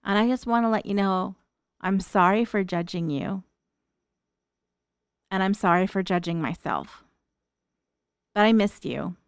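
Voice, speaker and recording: Speaking to her late mother as though reading an open letter, a middle-aged daughter offers a tender, reflective monologue from the heart. She talks a little slowly with frequent pauses, her medium-pitched voice smooth, in a clean studio recording with no room sound.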